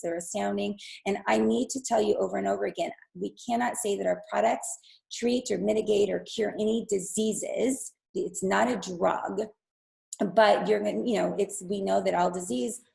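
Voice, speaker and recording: A woman's voice: medium pitch, vocal fry, warm tone, rough recording. A woman giving an enthusiastic, persuasive product presentation over a video call, talking straight to her viewers while losing her voice. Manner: enthusiastic, persuasive, addresses viewers as "you guys". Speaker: wellness presenter.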